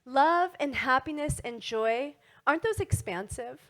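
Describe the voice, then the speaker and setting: A middle-aged woman giving a motivational wellness talk to an audience, animated and asking frequent tag questions. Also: high voice, unhurried. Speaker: wellness speaker.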